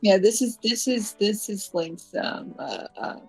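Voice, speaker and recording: A woman's voice: medium pitch, measured pace, a little mellow, husky, no room sound, faint music behind. A woman commenting on a game playthrough in casual chat, full of jokes and playful banter.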